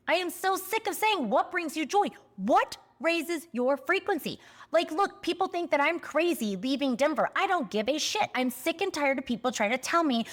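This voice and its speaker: In a spiritual vlog, a woman in her forties talks candidly to camera in a high, expressive, slightly bright voice at a fairly quick pace. She is passionate and blunt, swears casually, and at times becomes emotional, close to tears.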